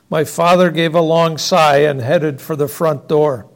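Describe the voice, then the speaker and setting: Man, storyteller, reading aloud, high voice. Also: steady tone, measured pace, hardly any pauses.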